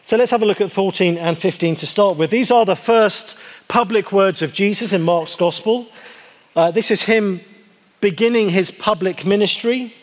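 High-voiced man preaching in an echoing hall. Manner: conversational and wry, slowing down for emphasis. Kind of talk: sermon. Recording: long hall reverb.

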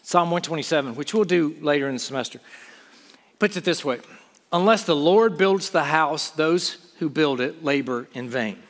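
Guy preaching in a big echoey hall, fired up, kinda high voice. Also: expressive, normal speed. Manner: impassioned, pleading, conversational asides. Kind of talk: sermon.

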